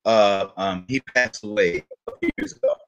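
A man telling a funny story in a casual chat, animated and profane, acting out other people's voices. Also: fairly low pitch, moderate pace.

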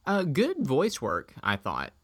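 A man's voice: mid-range voice, huge pitch swings, slow, a bit bright, no echo, clean studio sound. Wry man co-hosting a podcast. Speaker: podcast co-host. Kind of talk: casual chat.

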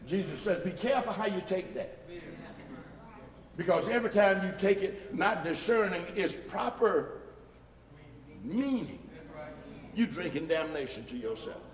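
A male pastor preaching a sermon, building from quiet explaining to loud shouted points and mocking the voices of critics. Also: high-pitched, animated, measured pace, pauses often. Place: church sanctuary. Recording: echoey hall from far off.

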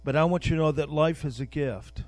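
Older preacher with a higher voice. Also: male voice, fairly quick, a little mellow, no room sound, soft background music. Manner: conversational, repeats words while searching for them. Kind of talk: informal sermon with prayer.

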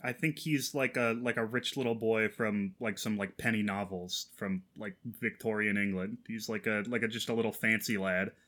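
A man's voice: lowish voice, fairly even intonation, moderate pace, hardly any pauses, bright, forceful tone. A man co-hosting a casual podcast, talking in sarcastic, rambling runs full of fillers and swearing. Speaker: podcast co-host. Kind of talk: casual chat.

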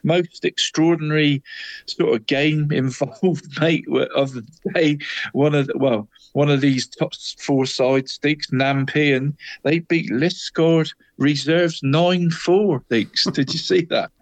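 A man's voice: on the high side, fairly even intonation, slow, no room sound. A man co-hosting a football radio show, running through local league results in a chatty way, saying "mate" all the time and laughing at his own slips. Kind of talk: casual sports results chat.

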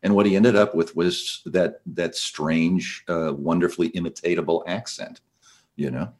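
Deep voiced biographer guy on the radio, chatty storytelling. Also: fairly even intonation, moderate pace, darkish tone. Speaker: biographer guest. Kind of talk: radio interview.

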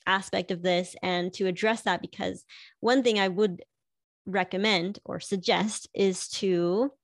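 A woman's voice: medium pitch, steady tone, measured pace, dry recording, studio quality. A middle-aged woman chatting casually about her marriage, laughing often and filling her talk with "like". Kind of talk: casual personal chat.

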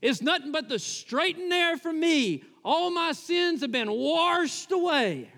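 A man's voice: very high-pitched, animated, a little slow, bright, forceful tone, voice pushed up, heavily acted. A man voicing a giddy, newly forgiven male outlaw with a drawl, recorded in a large hall with long reverb. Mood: elated.

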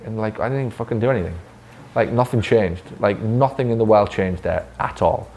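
A man's voice: fairly low pitch, brisk, darkish tone, a little hiss or hum. A man training clinic staff in a casual talk, swearing freely and acting out conversations. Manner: blunt, swears freely, acts out dialogue. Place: physiotherapy clinic room, with staff.

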